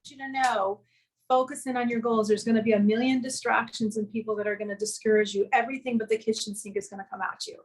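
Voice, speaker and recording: Speaking fast with a fairly high, mostly even voice, this Southern actress and filmmaker rambles earnestly through a personal anecdote, complete with quoted lines. She's a guest on a casual interview, joining by video call from her home music studio over a rough recording.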